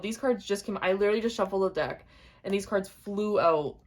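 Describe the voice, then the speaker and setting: A young woman giving an intuitive tarot reading to camera, speaking gently and repeating her points straight to the viewer. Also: medium pitch, fairly quick. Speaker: tarot reader.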